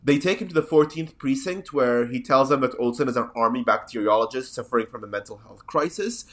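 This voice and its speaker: A man's voice: mid-range voice, a little fast. A man hosting a podcast in casual chat, sardonic and rambling. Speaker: podcast host.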